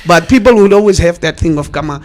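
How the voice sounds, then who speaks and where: Comedian co-host, man, lively storyteller, pitched a bit high. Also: fast talker. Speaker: radio show co-host and comedian. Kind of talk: casual studio chat.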